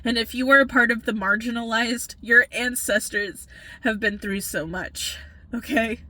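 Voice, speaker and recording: Woman spiritual reader, tired after an all-night shift: slow, earnest, bright-voiced pep talk, frequent check-in "okay?"s. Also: fairly high pitch, fairly even intonation, no room sound. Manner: earnest, urging, repeats "okay?", swears for emphasis.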